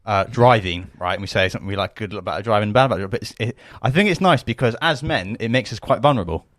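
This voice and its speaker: A man speaks bluntly and jokingly on a casual podcast, working ideas out as he goes. His voice sits a little low, recorded close and dry. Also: fast talker, dry recording. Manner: blunt, jokey, thinks aloud. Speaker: podcast co-host. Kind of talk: casual banter.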